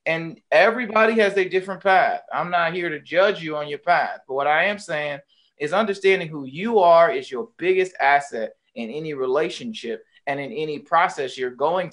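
A man's voice: on the high side, a bit bright. A man co-hosting a casual talk show, speaking in a motivational, preachy way. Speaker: co-host. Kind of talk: casual chat.

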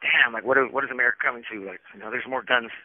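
A man's voice: medium pitch, rapid-fire, no room sound. A man in prison telling his own story over the phone, rambling and restarting often, acting out what people said. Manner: rambling, restarts often, acts out quoted lines. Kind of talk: candid first-person storytelling over the phone. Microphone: telephone. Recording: tinny prison phone line.

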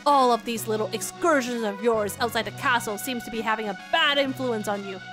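A woman's voice: on the high side, a little fast, music in the background, voice pushed down, close to an everyday voice. A woman voicing a stern, lecturing older king scolding his daughter. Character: stern gruff older male king, father.

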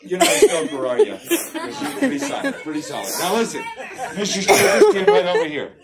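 A woman's voice: high-pitched, huge pitch swings, fairly quick. A woman performing as a clown at a children's birthday party, playful and teasing, laughing often as she jokes with the kids. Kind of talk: comic children's party act. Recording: loud crowd of children around. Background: shouting children.

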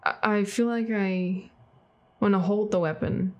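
A woman giving let's play commentary on a game, reacting out loud, swearing and laughing often, and yelping when startled. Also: mid-range voice, steady tone, measured pace, dull audio. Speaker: gaming video creator.

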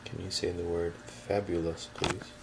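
A man's voice: low voice, creaky, very noisy. A man running a casual ghost-hunting session, coaxing unseen spirits with questions and thanking them. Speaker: paranormal investigator. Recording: loud music under the voice.

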